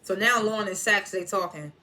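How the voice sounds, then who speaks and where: A man casually recapping and reviewing a TV episode, rambling and animated, with frequent swearing and laughter. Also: high voice, fairly quick.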